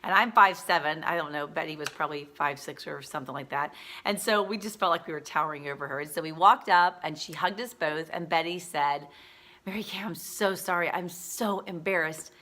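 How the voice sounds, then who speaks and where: Brief: a chatty, gushing woman telling a story to camera, with a lowish pitch and a bright tone. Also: a little fast. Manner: chatty, gushing, repeats words. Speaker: cosmetics sales director.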